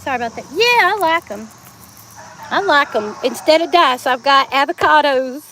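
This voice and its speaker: A woman's voice: high voice, expressive, normal speed, bright, forceful tone, a little hiss or hum. A woman from Georgia with a Southern accent, chatting casually to viewers in a live stream, laughing often and bursting into snatches of songs. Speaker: livestreamer. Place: outdoors. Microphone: phone.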